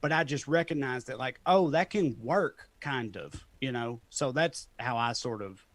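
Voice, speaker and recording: A man's voice: medium pitch, a little slow, dry recording. A man in his thirties from Tennessee with a Southern accent, chatting as a comedian guest in a rambling, self-deprecating way and laughing often. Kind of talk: casual interview chat.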